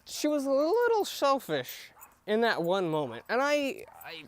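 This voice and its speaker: Halting, slow-talking young man. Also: very high-pitched, wildly swooping pitch. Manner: halting, many fillers and restarts, opinionated. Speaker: podcast host reviewing TV episodes. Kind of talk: casual rambling recap.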